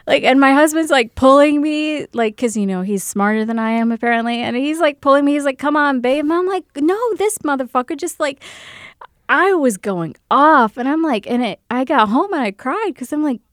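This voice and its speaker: A woman's voice: high voice, expressive, moderate pace, no room sound, studio quality. A woman and military veteran telling a personal story candidly, swearing freely and laughing as she goes.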